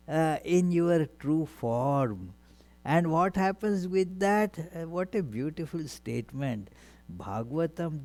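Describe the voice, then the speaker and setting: Slow-speaking monk telling scripture stories. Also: male voice, fairly high pitch. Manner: unhurried, many hesitations, animated retelling. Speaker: monk lecturer. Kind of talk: spiritual lecture storytelling.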